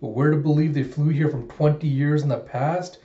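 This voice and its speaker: Gloating villain shogun, comic read-aloud, low-key menace, a man doing it in a mellow voice, roomy dull mic. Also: fairly even intonation, normal speed, lightly acted. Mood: scheming.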